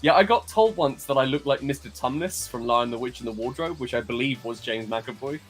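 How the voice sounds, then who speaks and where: Lively, chatty man guesting on a stream. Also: medium pitch, faint music behind. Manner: chatty, animated, quick to laugh, many ums. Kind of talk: casual live-stream chat.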